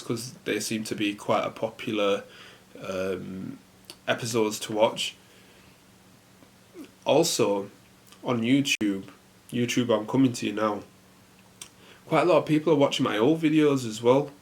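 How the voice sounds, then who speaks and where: A young man hosting a casual solo podcast, rambling in a relaxed way with lots of fillers. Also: on the low side, a little slow, long pauses. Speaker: podcast host.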